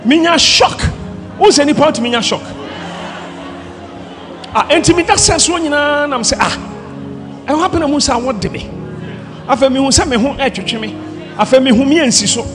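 A man from Ghana, a pastor, preaching a fiery sermon with shouted, impassioned delivery over loud music and a crowd. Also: very high-pitched, animated, normal speed, pauses often.

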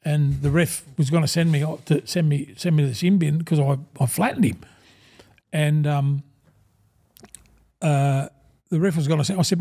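Gravelly Australian older man. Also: fairly high pitch, fairly even intonation, moderate pace, pauses often, mellow. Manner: rambling and blokey, peppers talk with "mate". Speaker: guest, former rugby league forward. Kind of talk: casual storytelling in a podcast interview.

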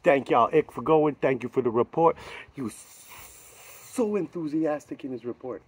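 A man hosting a sports vlog outro, rowdy, profane and hyped, rambling between shouts. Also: mid-range voice, measured pace, breathy edge. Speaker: vlog host.

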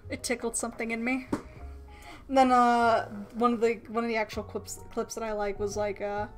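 A woman chats casually in a slightly high voice. She hesitates and stumbles over her words, and faint music plays behind her. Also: flat delivery, moderate pace. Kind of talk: casual chat.

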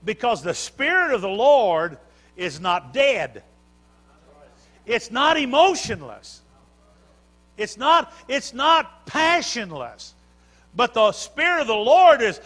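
A man's voice: sits high, sing-song, moderate pace, a bit bright. A man preaching a sermon, building fervor through repeated phrases. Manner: preaching with rising fervor and repetition. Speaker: pastor.

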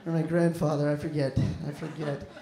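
A man's voice: fairly high pitch, little pitch movement, fairly quick, dark tone. A young man doing a stand-up comedy set, rambling and self-deprecating, swearing freely. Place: comedy club stage. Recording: echoey comedy club room.

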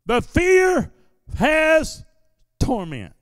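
A male pastor preaching a sermon in a church service. He repeats his lines in a steady preaching cadence and builds them up into shouted declarations. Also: very high voice, a little slow, clean tone, no echo, studio quality, big-room sound. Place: church sanctuary during a service.

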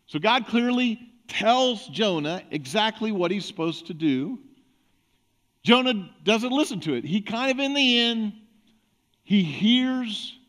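A man's voice: sits high, a bit bright. A man pastor preaching a conversational sermon, acting out little everyday examples. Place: church sanctuary.

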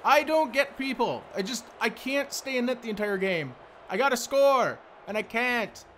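Young dude streaming a game, super lively high voice, cussing at his teammates nonstop. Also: normal speed, a little hiss or hum. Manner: frustrated, swearing, yelling at teammates. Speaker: gameplay streamer. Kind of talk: live gameplay commentary.

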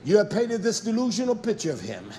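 A man delivers a fiery sermon in a strikingly high voice that leaps up and down with animated swings. He scolds and confronts his listeners, hammering them with rhetorical questions. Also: quick pace, slight background noise. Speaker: preacher.

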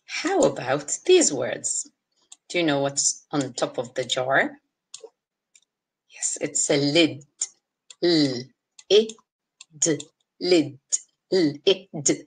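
Woman teaching little kids phonics, super slow, low husky voice, sounds out every letter. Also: sing-song. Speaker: kindergarten teacher. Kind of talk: phonics lesson for young children.

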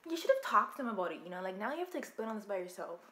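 Young woman, anime reaction commentary, lively swooping pitch, talks back to the screen, echoey room. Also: very fast. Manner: expressive, talks back to the screen, shrieks and laughs.

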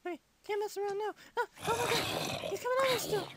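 A man's voice: fast, heavy background noise. A man putting on a whiny little boy's voice for a comedic game play-along, rambling rude silly remarks. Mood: childish. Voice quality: squeaky high-pitched.

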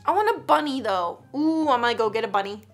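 A woman's voice: on the high side, lively intonation, a little fast, soft background music. A woman hosting a casual reaction video, joking and teasing with frequent giggles. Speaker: YouTube reaction host.

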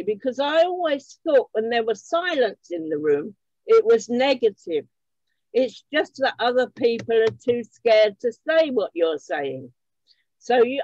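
A woman's voice: on the high side, darkish tone, no room sound, dull audio. A woman speaking candidly and with light humor on a video call about confidence in speaking. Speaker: panel guest. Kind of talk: casual talk on public speaking.

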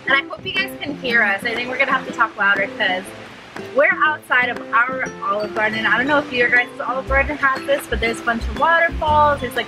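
A chatty woman with a slightly raised voice hosts a food vlog outside a restaurant, where waterfalls run nearby. She sounds bubbly and relaxed as she eats. Music plays clearly under the talk. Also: fairly high pitch, poor audio. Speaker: mukbang vlogger host. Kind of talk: casual chat while eating. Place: outdoors beside a restaurant with waterfalls.

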